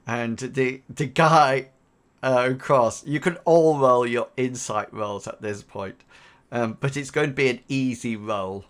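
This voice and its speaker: Unhurried male game master. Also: mid-range voice. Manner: relaxed, with many fillers. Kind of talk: narrating a tabletop game.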